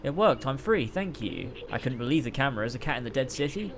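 A young man streaming a game, reacting excitedly, swearing and laughing often, and reading the game's dialogue aloud. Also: mid-range voice, fast, hardly any pauses, noisy background. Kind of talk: gameplay reaction commentary.

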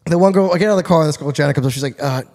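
A man's voice: fairly high pitch, rapid-fire, long reverb tail. A man from Florida, a podcast guest telling a rowdy story with lots of swearing. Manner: profane, animated storytelling. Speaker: podcast guest, car tuner. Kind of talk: casual storytelling.

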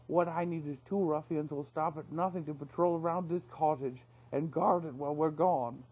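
A man voicing a gruff male otter sea captain who talks like an old sailor and barks orders, for a read-aloud storybook. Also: fairly high pitch, fairly even intonation, moderate pace, phone-quality sound. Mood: rousing. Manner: salty sailor talk, commanding.

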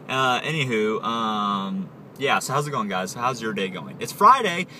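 A man's voice: on the low side, a little slow, bright, forceful tone. A young man vlogging while he drives, joking and rambling in a wobbly put-on Aussie-British accent, recorded on a phone. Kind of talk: casual vlog. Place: inside a moving car. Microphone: phone held while driving. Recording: distant phone mic with road noise.

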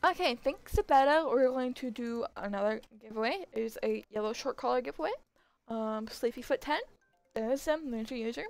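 A young woman with a high, gravelly voice hosts a livestream giveaway, talking slowly and chatting to her viewers. She is easily excited and her throat is sore from screeching. Faint music plays behind her. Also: dry recording. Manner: excitable, gasps and laughs, squeals when thanked. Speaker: livestream host running giveaways. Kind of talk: casual livestream chat.

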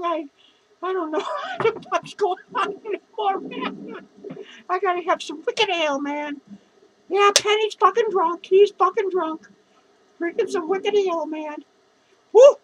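A man's voice: extremely high pitch, moderate pace, a bit bright, slight background noise, low-quality recording. A man playing a drunk, foul-mouthed lonely clown who rambles, slurs and giggles through a comedy monologue. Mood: drunk, rambling. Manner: slurred, rambling, swearing constantly, giggling. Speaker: comedy character performer.

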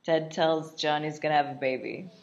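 A woman's voice: low-pitched, steady tone, normal speed, muffled recording. A woman casually commenting while she watches a movie, laughing often in a chatty, irreverent way. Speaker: vlogger reacting to a film.

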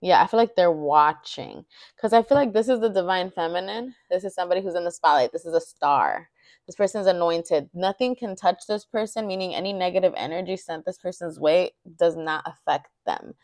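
A woman's voice: on the low side, brisk, a little mellow, no room sound. A woman giving a casual intuitive tarot reading, thinking aloud and rambling with many fillers. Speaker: tarot reader.

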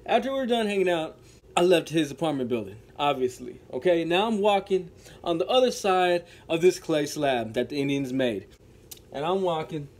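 A man with a notably high voice, spinning a story-time tale for his viewers. He tells it dramatically, repeats his lines for effect and keeps turning to address them as folks. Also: expressive, normal speed, a little mellow. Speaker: storytelling vlogger.

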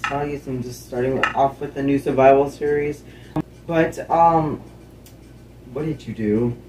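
A man's voice: medium pitch, steady tone, measured pace, roomy sound. A young man hosting a gaming channel in casual commentary, laid-back and rambling, with many ums. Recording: distant mic with faint background noise.

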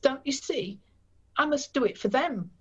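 A woman's voice: sits high, lively intonation, normal speed, a little mellow, breathy edge, voice pushed up, heavily acted. A woman reading the part of a young German baker, earnest and sorrowful, in a dull recording. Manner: pleading, sad.

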